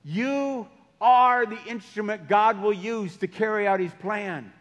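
A man's voice: high-pitched, slow, a bit bright. A man preaching a sermon, telling stories and changing his pace for emphasis. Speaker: pastor. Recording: long hall reverb.

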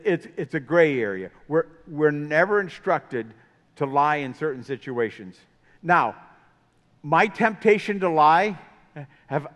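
A man's voice: mid-range voice, a bit bright. A man preaching a sermon in a casual, conversational way, asking his listeners many questions. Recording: long hall reverb.

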